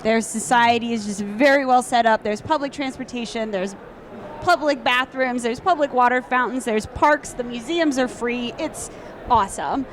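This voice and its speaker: A woman from Philadelphia, a comics artist guest, telling an animated story in a casual panel chat. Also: a little high, moderate pace, slight background noise. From Philadelphia, USA.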